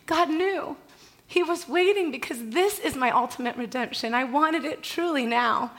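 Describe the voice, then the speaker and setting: A woman's voice: high-pitched, normal speed, fairly bright tone. A woman preaching a sermon, telling stories in an emotive, tender way with repeated phrases. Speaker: pastor.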